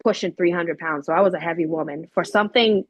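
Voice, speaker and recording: A woman telling her paranormal investigation experiences in a casual, animated way, with many fillers. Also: on the low side, fast, dry recording, low-quality recording. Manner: animated, acts out quoted voices with many fillers. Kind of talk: casual storytelling.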